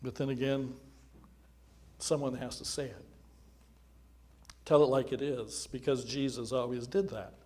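A man leading a church service as pastor, praying aloud in an earnest, conversational way that swells and softens in loudness. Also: medium pitch, steady tone, unhurried, long pauses. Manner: earnest, prayerful, varying loudness. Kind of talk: spoken prayer in a church service.

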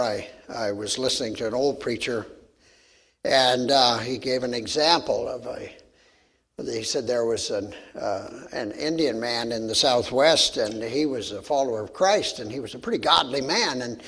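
A man's voice: medium pitch, moderate pace, fairly bright tone, husky. A man giving a sermon, reading scripture and telling stories in a folksy way with frequent restarts and fillers. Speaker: pastor.

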